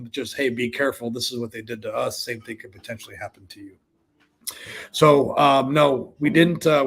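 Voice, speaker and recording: A man's voice: mid-range voice, gravelly, fairly bright tone. A man co-hosting a livestream, coaching viewers casually on sales calls and answering their questions in a conversational way. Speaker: co-host of a real estate sales livestream.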